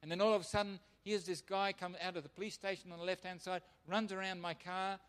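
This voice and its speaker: Man, pastor telling a testimony, lively storytelling, fairly high voice, long hall echo. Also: fast talker, clean tone. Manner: animated storyteller acting out quoted voices. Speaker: missionary pastor. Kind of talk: sermon testimony.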